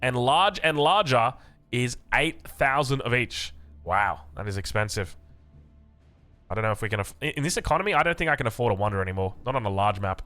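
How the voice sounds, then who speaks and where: Chatty Australian man, bright voice. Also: mid-range voice, expressive, a little fast, soft background music. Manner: chatty and joking, many restarts and asides. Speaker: gaming content creator. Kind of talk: casual game patch commentary.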